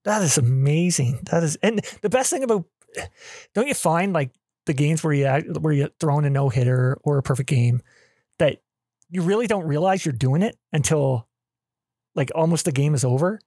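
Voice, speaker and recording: Excitable host with a husky voice. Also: mid-range voice, moderate pace, dry recording, clean studio sound. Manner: enthusiastic, rambling, exclamatory. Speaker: podcast host. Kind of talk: casual interview.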